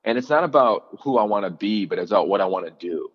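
Man, low voice, lively anecdotes, fillers and restarts, muffled sound, long reverb. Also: fast talker, husky. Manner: animated storyteller, many fillers and restarts, acts out quotes. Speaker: college football analyst, former player and coach. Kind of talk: podcast interview, storytelling.

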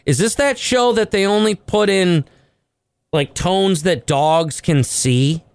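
A man's voice: high-pitched, slow, smooth, no room sound. A man co-hosting a morning radio show, joking around and riffing in casual banter. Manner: jokey, animated, cracks bits.

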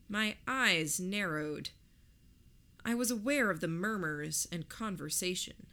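A woman reading a first-person story aloud in a measured, reflective way. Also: on the low side, expressive, bright, forceful tone. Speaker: narrator. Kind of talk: first-person audiobook narration.

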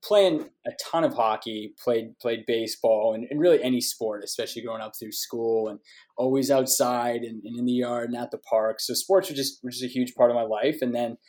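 A man's voice: mid-range voice, a little fast, a little mellow. Friendly Canadian-raised man guest. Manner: friendly, with many restarts and repeated words. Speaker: podcast guest. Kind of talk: casual interview talk.

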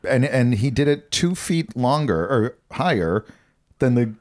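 A man's voice: mid-range voice, lively intonation, unhurried. A man co-hosting a podcast, chatting casually and reading out odd news stories, laughing and stumbling over words. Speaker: podcast co-host.

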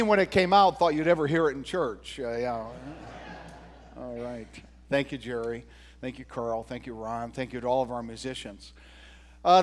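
A man preaching a sermon to his congregation, talking in an unhurried, conversational way with fillers and rhetorical questions. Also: high voice. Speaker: pastor. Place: church sanctuary. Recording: long reverb of a church hall.

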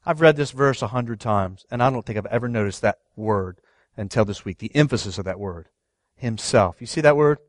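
A man's voice: medium pitch, fairly quick, no echo, clean studio sound. Emphatic man preaching a sermon. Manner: emphatic, asks the congregation questions, swings from loud to hushed. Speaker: pastor.

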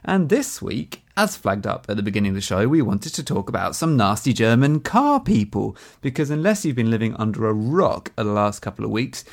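A man with a fairly low voice co-hosts a podcast. He explains a news story step by step in a casual chat. He fills his pauses with ums. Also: very animated. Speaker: podcast co-host.

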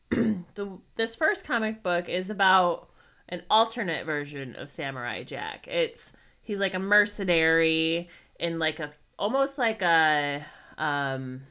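A woman's voice: fairly low pitch, sharp tone, clear, resonant tone. A woman co-hosting a podcast, chatting casually in a rambling, giggly way. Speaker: podcast co-host. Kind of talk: casual chat.

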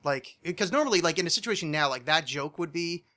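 A man with a nasal American accent, talking in a bright, slightly high voice. He rambles through casual podcast chat, full of fillers and restarts. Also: lively intonation, fast. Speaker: podcast co-host.

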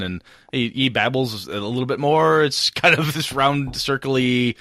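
A man's voice: medium pitch, measured pace, sharp tone, no room sound, clean studio sound. A man running a tabletop game as game master, narrating with wry humor.

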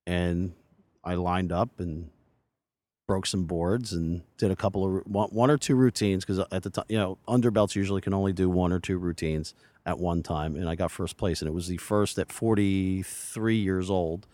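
A man's voice: deep voice, steady tone, normal speed, dark tone, dry recording. A man in his forties, a podcast guest recorded outdoors by a lake, talking in an earnest, rambling way with many restarts. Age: 40s. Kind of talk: casual interview chat.

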